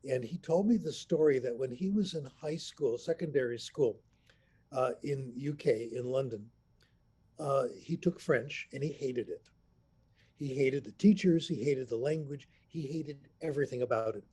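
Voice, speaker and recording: A man in his eighties, a language professor telling anecdotes in an unhurried, storytelling way on a remote video call. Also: medium pitch, mellow, husky. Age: 80s. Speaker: language professor, interview guest. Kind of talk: storytelling interview answer. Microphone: computer mic on a video call.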